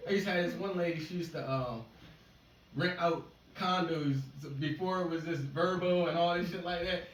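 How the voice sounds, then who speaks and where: A man's voice: on the high side, moderate pace. A man doing casual stand-up, telling rambling, profane stories to a small crowd. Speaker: stand-up comedian. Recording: echoey room, far mic, noisy.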